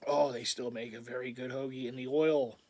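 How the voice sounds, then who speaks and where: A man chatting casually in a vlog, rambling and excitable, laughing often. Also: medium pitch, brisk. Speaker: vlogger.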